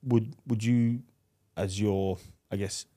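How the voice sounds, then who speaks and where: Chatty English podcast host, lowish voice. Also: male voice, slow. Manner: animated storyteller, acts out voices with laughs. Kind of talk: casual interview chat.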